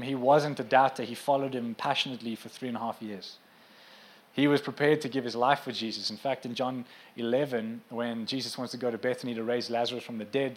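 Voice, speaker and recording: A man with a mid-range voice preaches in a casual, conversational style, making asides to his congregation. When he drives a point home, he becomes emphatic.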